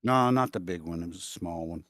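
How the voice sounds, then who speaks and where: Low-voiced man rambling through memories. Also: brisk, a bit bright, no room sound, clean studio sound. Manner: rambling, hesitant with fillers. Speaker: guest chatting. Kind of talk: casual chat.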